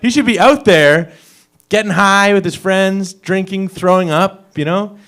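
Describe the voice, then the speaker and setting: A man's voice: sits high, unhurried, a bit bright. A young man performing stand-up at an open mic, rambling through his jokes and laughing at his own lines. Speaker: stand-up comedian. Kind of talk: stand-up set. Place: open mic comedy stage.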